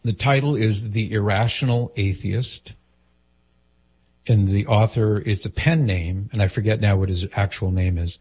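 A man's voice: lowish voice, a little slow, darkish tone, breathy edge. A man hosting a call-in radio show, patiently explaining and spelling things out for a caller.

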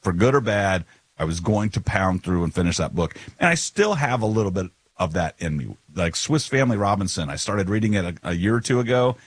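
A man's voice: lowish voice, expressive, a little fast, no echo. A man co-hosting a podcast, rambling in casual chat and often restarting sentences. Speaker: podcast co-host.

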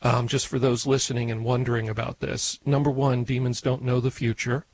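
A male host who answers a caller calmly and explains things in a call-in show. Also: medium pitch, fairly quick, vocal fry, poor audio. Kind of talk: radio call-in talk. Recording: faint hiss.

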